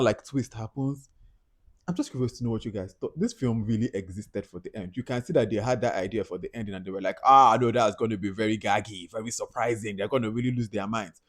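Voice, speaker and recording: A man with a Nigerian accent giving a casual, chatty film review, animated and laughing often. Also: medium pitch.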